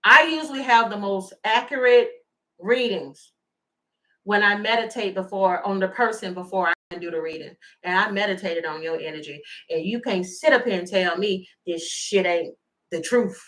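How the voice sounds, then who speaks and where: A woman tarot reader talking in a casual, animated and profane way while doing a reading. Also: mid-range voice, normal speed. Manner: animated, profane, laughing often.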